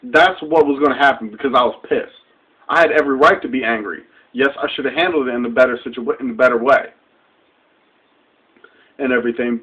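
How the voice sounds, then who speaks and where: A man's voice: fairly high pitch, animated, moderate pace, a bit bright, breathy edge. A young man ranting straight to camera, heated, profane and confrontational, in a dull lo-fi webcam recording. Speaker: vlogger. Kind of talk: direct-to-camera rant.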